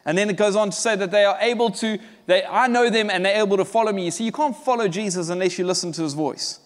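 A man's voice: high voice, quick pace, long reverb tail. A male pastor preaching a sermon, emphatic and conversational, often acting out short dialogues.

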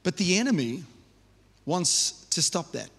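Man, pastor, conversational sermon, slightly high voice, long hall reverb. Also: very animated, a little slow, creaky, fairly bright tone, breathy edge. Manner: conversational, asks the congregation questions.

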